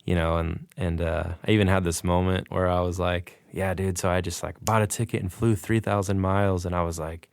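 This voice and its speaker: A man's voice: deep voice, fairly quick, gravelly, hardly any pauses, smooth, no echo, studio quality. A man on a podcast, animatedly recounting a story and acting out the dialogue. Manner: excited, animated retelling with quoted dialogue. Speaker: podcast guest. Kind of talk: casual storytelling.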